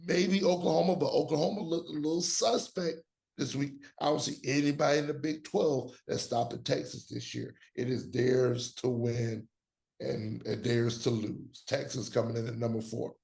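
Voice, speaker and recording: Guy with a gravelly voice doing his sports pod top five, slangy and emphatic, mid pitch. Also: fairly even intonation, moderate pace, a little mellow. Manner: emphatic, slangy, trash-talking. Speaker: podcast co-host giving college football rankings. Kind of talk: casual sports talk.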